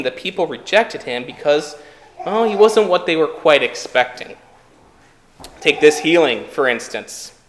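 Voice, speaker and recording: A man's voice: fairly high pitch, roomy sound, slight background noise. A man preaching a sermon in a conversational way, asking the listeners rhetorical questions.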